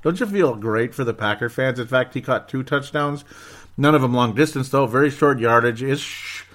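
A man's voice: mid-range voice, normal speed, a bit bright. Male solo sports host, casual and sarcastic, rambles with mock outbursts.

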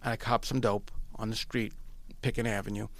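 A man from Long Island telling his story in a casual, animated way, repeating phrases and often restarting. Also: fairly low pitch, fairly quick, dry recording. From Long Island, New York.

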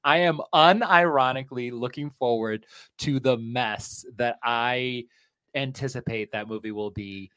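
A man co-hosting a podcast, chatting about movies in a wry, animated way and laughing often. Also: mid-range voice, measured pace, clean tone. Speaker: podcast co-host. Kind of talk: casual movie chat.

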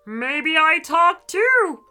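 A woman's voice: very high voice, very animated, extremely slow, bright, forceful tone, soft background music, voice pushed up, heavily acted. A woman voicing a friendly, cheeky talking old car in a children's storybook reading. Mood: playful.

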